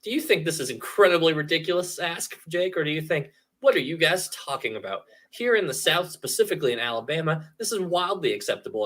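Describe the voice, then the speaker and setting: Lively, bright-voiced podcast co-host man. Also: a little high. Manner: animated, joking, drops into put-on quotes. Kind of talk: casual streamed podcast chat.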